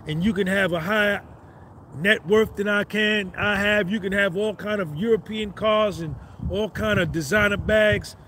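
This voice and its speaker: Swaggering high-voiced man in his fifties. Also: steady tone, moderate pace, fairly bright tone, slight background noise. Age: 50s. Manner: swaggering, repeats phrases for emphasis. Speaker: vlogger on a live stream. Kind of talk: boastful motivational monologue.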